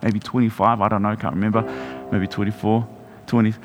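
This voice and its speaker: A man's voice: lowish voice, little pitch movement, a little fast. A man, a pastor preaching a sermon and telling a personal story, often restarting and repeating his words. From New Zealand. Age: 40s. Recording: long hall reverb with music behind.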